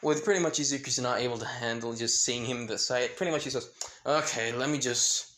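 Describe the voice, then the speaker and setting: A man's voice: medium pitch, quick pace, fairly bright tone. A man casually narrating a fan-fiction story, rambling with many fillers and side comments. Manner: rambling, filler-heavy asides.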